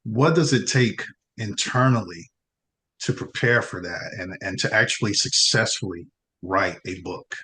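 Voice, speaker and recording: A man's voice: fairly low pitch, measured pace, pushed and bright. A man hosting a podcast, reacting to his guest and asking questions in a casual way. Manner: brief reactions, laughs along. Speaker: podcast host. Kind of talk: casual interview chat.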